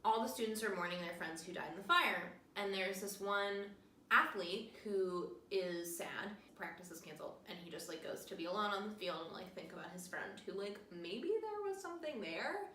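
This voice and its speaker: Young woman, tipsy podcast host, bright and animated. Echoey room, off-mic. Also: mid-range voice, normal speed. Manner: animated, jokey, acts out quotes. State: tipsy from wine. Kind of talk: casual film recap. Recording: echoey room, distant mic, faint noise.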